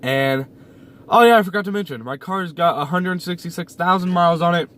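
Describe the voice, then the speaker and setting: A man's voice: sits high, a little fast, fairly bright tone. Rambling young man in a parked car. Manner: rambling, repeats himself, many fillers. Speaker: YouTuber. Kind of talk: casual car vlog. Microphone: camera mounted on the dash.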